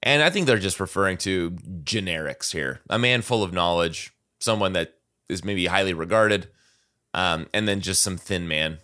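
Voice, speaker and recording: A man with a low, bright voice speaks forcefully at a moderate pace, his intonation lively. Co-hosting a casual podcast, he reads song lyrics aloud and thoughtfully picks them apart in conversation, using plenty of fillers.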